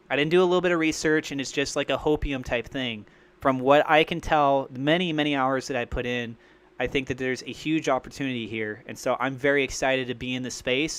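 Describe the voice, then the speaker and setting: A man hosting a crypto livestream, rambling and thinking out loud in an excitable way. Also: medium pitch, smooth. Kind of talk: live-streamed crypto commentary.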